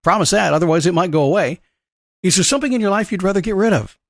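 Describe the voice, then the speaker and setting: A man hosting a motivational show, talking in an energetic, conversational way and acting out questions and a dog's thoughts. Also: sits high, fast talker, no echo, clean studio sound. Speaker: motivational coach and podcast host. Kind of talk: upbeat motivational monologue.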